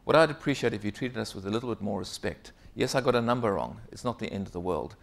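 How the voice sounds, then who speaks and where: A man voicing a young male manager who answers his boss quietly and with composure. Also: on the low side, lively intonation, fast talker, gravelly. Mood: calm.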